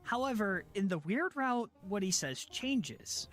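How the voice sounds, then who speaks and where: A man narrating a video essay from a script, in an earnest, measured storytelling manner. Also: high-pitched, sing-song, a bit bright, faint music behind.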